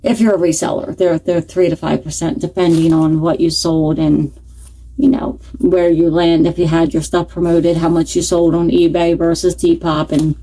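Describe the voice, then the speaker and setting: A middle-aged woman talks casually to her viewers as a reseller vlogger. Her voice sits a little low and sounds warm and relaxed. She rambles and thinks aloud, circling back as she goes. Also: poor audio. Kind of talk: casual chat to camera.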